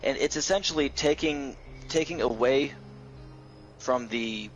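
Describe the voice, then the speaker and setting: A man with a gravelly voice, joking his way through half-serious theories in a casual gaming chat, pausing and restarting often. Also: medium pitch, a little hiss or hum, rough recording. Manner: hesitant, tongue-in-cheek, joking. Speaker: guest with conspiracy theories.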